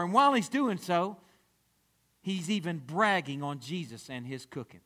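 A man's voice: a little high, animated, moderate pace, bright, forceful tone. A male pastor preaching a sermon, acting out the voices of people in his story.

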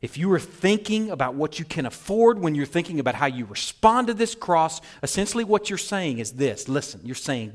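A man preaching a sermon, storytelling animatedly and swinging from hushed to loud. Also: a little high, big pitch swings, brisk, hardly any pauses. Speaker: pastor.

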